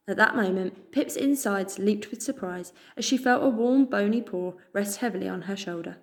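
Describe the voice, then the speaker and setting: A woman with a British accent reading a children's chapter book aloud, expressive and cheerful. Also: medium pitch, moderate pace, few pauses. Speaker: storyteller.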